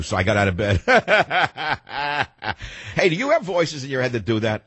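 A man's voice: medium pitch, very animated, brisk, fairly bright tone, husky, no room sound. An older man hosting a talk radio show, rambling and sardonic, acting out the voices in his head. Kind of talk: talk radio monologue and calls.

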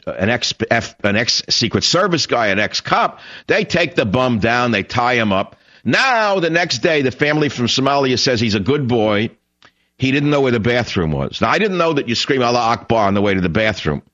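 A man hosting a political talk radio show, ranting in a combative, sarcastic monologue with sudden loud outbursts. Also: low-pitched, highs cut off.

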